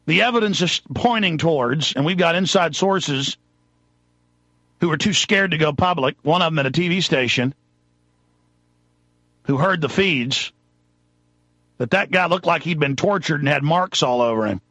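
A man from Texas hosting a talk show, ranting angrily and shouting accusations into the microphone. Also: a little high, animated, normal speed, long pauses, dry recording. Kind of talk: angry political rant.

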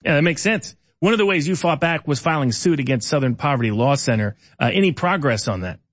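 A man's voice: on the high side, expressive, fast talker, fairly bright tone, no room sound. A man hosting a political interview, asking long, conversational questions. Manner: conversational, with fillers and restarts. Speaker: interview host.

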